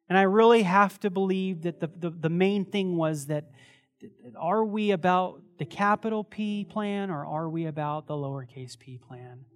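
A man with a notably high voice preaching to his congregation in church. He talks animatedly, laughs easily and often doubles up words like "and, and" as he restarts. His delivery moves between playful asides and a slower, earnest prayer. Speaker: pastor. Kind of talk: sermon with closing prayer. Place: church service before a congregation.

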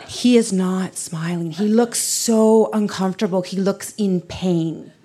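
A woman's voice: mid-range voice, measured pace. A woman telling a personal story at a live storytelling night, acting out what people said and laughing often. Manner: animated, acts out quotes, laughs often.

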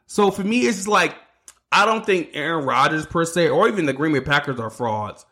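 A man with a somewhat high voice hosts a solo sports podcast. He rants with heat, swears freely and trips over his words as he gets worked up. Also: lively intonation, a little fast, sharp tone, slightly rough. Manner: heated, ranting, swearing, stumbling over words. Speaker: podcast host.

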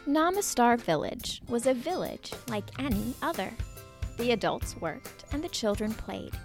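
A woman narrating a children's story in a playful, expressive way, at times dropping to a whisper. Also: on the high side, a little slow, faint music behind.

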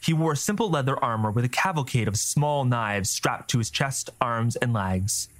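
A man narrating a scripted fantasy story with a steady storytelling delivery. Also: mid-range voice, normal speed.

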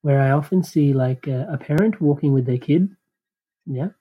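Animated host on a dull, husky recording. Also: mid-range voice, normal speed. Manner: animated storyteller, playful sound effects. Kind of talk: casual conversation.

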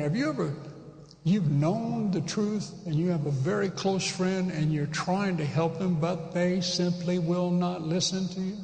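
A man's voice: high voice, creaky, a little mellow. A pastor giving a conversational sermon, emphatic and repeating his key phrases. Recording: echoey hall with long reverb.

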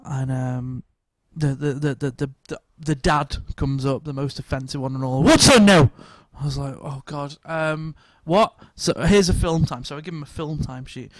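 A man telling a lively anecdote in casual chat. He swears, laughs often and stammers over restarts. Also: mid-range voice, normal speed, hardly any pauses, dry recording.

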